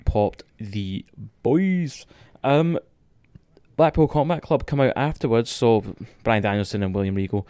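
A young Scottish man recapping a wrestling match in casual, excitable, sweary podcast chat. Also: mid-range voice, normal speed, clear, resonant tone, no echo, clean studio sound.

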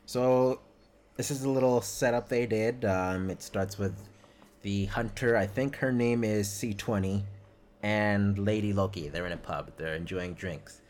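A man's voice: on the low side, a little slow, darkish tone, slight background noise. A man co-hosting a casual podcast, laid-back as he recaps scenes at length. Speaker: podcast co-host.

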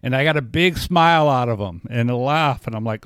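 A man's voice: medium pitch, expressive, fairly quick, a bit bright, clean tone, no echo, clean studio sound. A man telling a story in casual chat, often circling back and restarting his sentences. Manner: rambling, frequent restarts and filler.

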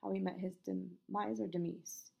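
A woman's voice: on the low side, level tone, moderate pace, vocal fry, mellow, slightly rough. A woman reading a story aloud unedited, tripping over words, restarting lines, apologizing and swearing casually at a home mic. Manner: casual and swearing, laughs at herself. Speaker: story narrator. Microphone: home mic with headphones bumping it.

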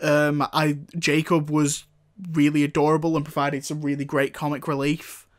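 A young man chats casually as host of a film review podcast, joking and teasing as he goes. His voice sits a little on the high side. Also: monotone, normal speed. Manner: jokey, teasing, laughs often.

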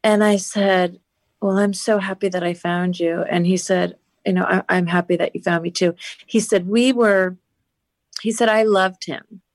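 A woman appears as a guest on a podcast, earnestly and animatedly retelling a story packed with "you know" fillers. Her voice is on the low side at normal speed, with no room sound.

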